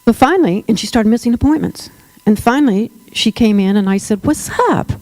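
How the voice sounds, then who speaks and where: A woman's voice: on the high side, brisk, dark tone, no room sound, rough recording. A woman presenting a workshop on dementia care. She speaks emphatically and addresses the audience directly. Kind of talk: workshop talk to a live audience.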